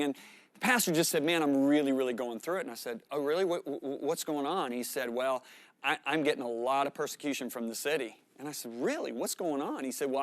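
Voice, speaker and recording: A middle-aged man preaching with animated storytelling, his voice leaping up and down as he acts out conversations. His voice sits fairly high for a man, and the sound is close and dry. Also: dry recording. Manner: animated storytelling, acting out dialogue with sharp rises in pitch and volume. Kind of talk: sermon storytelling.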